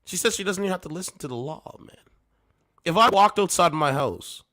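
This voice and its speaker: A man reacting to clips with animated, mocking commentary, hoarse from losing his voice. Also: sits high, a little fast. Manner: animated, mocking, laughing, does loud mock voices. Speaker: commentary streamer.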